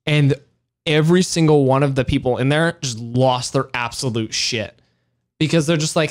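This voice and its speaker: A man's voice: medium pitch, moderate pace. A man co-hosting a podcast in casual chat, telling stories animatedly, laughing often and swearing freely. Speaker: podcast co-host.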